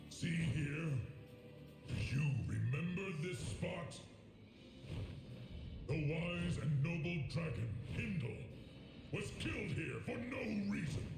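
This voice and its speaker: An actor playing a proud, vengeful knight who shouts theatrical threats, in a video game. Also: male voice, on the high side, expressive, slow, long pauses, reverberant, over music. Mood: accusing. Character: vengeful knight seeking revenge, proud and furious.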